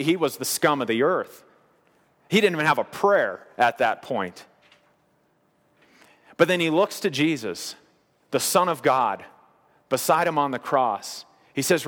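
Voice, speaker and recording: A man preaching a sermon as pastor, earnest, slowing down on the key phrases. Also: on the high side, fairly bright tone, big-room sound.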